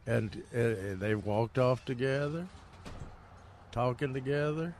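A man's voice: medium pitch, steady tone, unhurried, a little mellow, slight background noise. An older man co-hosting a gardening radio show, telling rambling stories with lots of fillers and chuckles. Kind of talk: casual radio chat.

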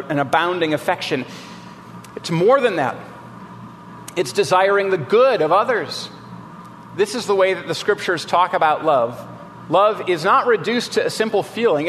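A man's voice: high-pitched, fairly bright tone, slight background noise. A man in his thirties, a pastor preaching a sermon, earnest and repeating phrases for emphasis, sometimes telling a family story. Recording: hall reverb with faint room ambience.

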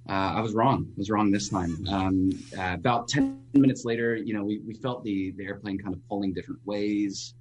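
A man, a pastor, telling a personal story as a radio guest in an earnest, halting way with frequent restarts. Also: on the low side.

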